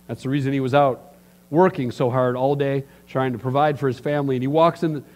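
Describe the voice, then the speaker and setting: A middle-aged pastor preaches a sermon in a fairly quick, mid-range voice. He's an animated storyteller, acting out the voices of the people in his stories.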